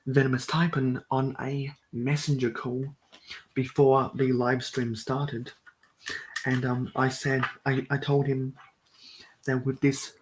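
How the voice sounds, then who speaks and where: A man hosting a live stream at home, talking through a build in a soft, mellow monotone. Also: mid-range voice, rough recording.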